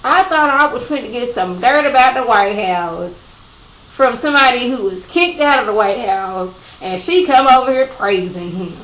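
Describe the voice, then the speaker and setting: A woman's voice: on the high side, lively intonation, moderate pace, fairly bright tone, a little hiss or hum. A woman doing a brassy, gossip-hungry talk-show host. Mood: indignant. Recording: roomy echo.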